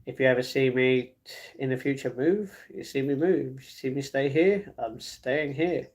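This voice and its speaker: A man's voice: mid-range voice, normal speed, a little mellow. A man from London with a London accent, chatting casually on a live stream, reading out chat messages and answering them with frequent chuckles. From London, England. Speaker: livestreamer. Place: at home.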